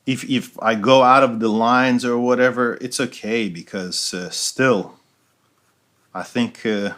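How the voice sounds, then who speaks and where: Bright-voiced man teaching painting. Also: mid-range voice, fairly even intonation, a little slow. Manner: explains while painting, checks in with frequent "right?". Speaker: art instructor. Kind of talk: step-by-step painting tutorial.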